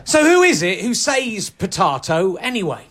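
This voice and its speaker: A man doing a stand-up comedy set on stage, deadpan and ironic, sometimes working himself up into mock outrage. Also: high voice, moderate pace, heavy background noise. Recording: live audience laughter. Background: audience laughing.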